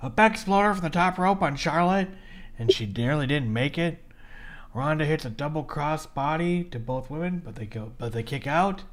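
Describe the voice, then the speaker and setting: Man, podcast co-host, slightly higher voice, blunt casual play-by-play recap. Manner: blunt, rapid play-by-play narration. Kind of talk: casual recap of a wrestling match.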